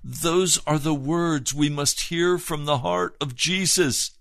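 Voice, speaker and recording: Here a man gives a heartfelt sermon, alternating hushed passages with emphatic ones and easing his pace to drive points home. His voice sits on the high side with a creaky quality, captured without echo.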